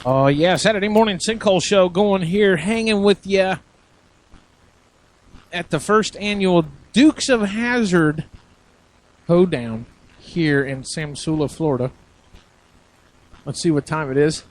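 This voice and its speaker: A man's voice: sits high, a little slow, long pauses, low-quality recording. A man hosting a live radio show, chatting casually and easygoing while he works the equipment.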